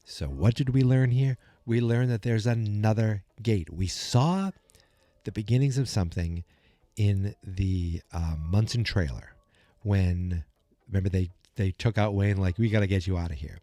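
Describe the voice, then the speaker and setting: A man's voice: fairly low pitch, a little slow, warm tone, no echo. A man hosting a podcast, casually recapping an episode in a rambling, filler-heavy way. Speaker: podcast host.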